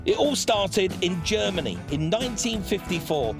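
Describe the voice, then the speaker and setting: A man's voice: high voice, sing-song, moderate pace, creaky. A man narrating a documentary in an upbeat scripted voice. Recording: music bed under voice.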